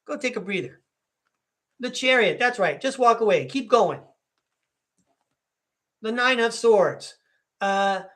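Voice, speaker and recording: An American podcaster gives live tarot readings in a rambling, chatty, folksy manner, often broken up by laughs. He speaks in a high voice with a fairly bright tone.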